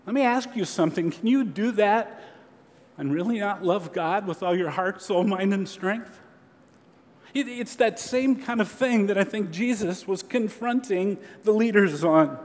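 A man preaching a sermon as a pastor, earnest and measured, with slow emphatic pauses. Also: sits high. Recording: long hall reverb.

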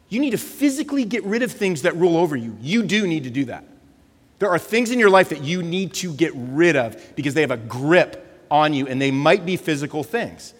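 A man preaching a sermon with passion, repeating words for emphasis and dropping softer for reflective passages. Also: on the high side, slightly rough, big-room sound. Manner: impassioned, repeats words when stressing a point. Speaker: pastor.

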